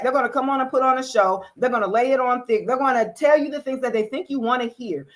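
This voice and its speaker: A woman hosting a casual live tarot reading, greeting viewers by name and swinging between loud exclamations and low asides. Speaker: tarot reader hosting a livestream.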